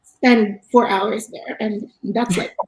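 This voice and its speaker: A woman's voice: medium pitch, fairly even intonation, slow, darkish tone, reverberant, poor audio. A woman who owns a cafe, telling a personal story as a podcast guest. She speaks earnestly and reflectively, often restarting her sentences.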